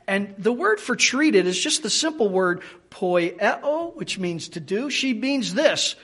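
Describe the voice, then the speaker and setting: High-voiced preacher with an animated delivery. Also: male voice, slow, hardly any pauses, slightly rough. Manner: animated, acts out quoted speech in changed voices; repeats and restarts words while thinking aloud. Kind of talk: sermon.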